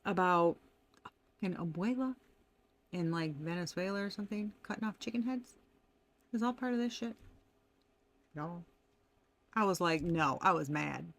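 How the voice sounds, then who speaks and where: A woman's voice: lowish voice, animated, normal speed, pauses often, fairly bright tone. A woman giving a casual tarot reading, talking animatedly, laughing often and swearing freely. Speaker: tarot reader.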